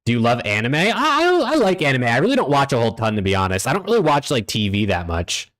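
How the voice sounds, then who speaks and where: A man's voice: mid-range voice, sing-song, fast talker, a bit bright. Laid-back cursing male streamer. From United States. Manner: laid-back, profane, talks to chat and reads out usernames. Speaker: streamer hosting a watch party. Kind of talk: casual live-stream chat. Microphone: desk streaming mic.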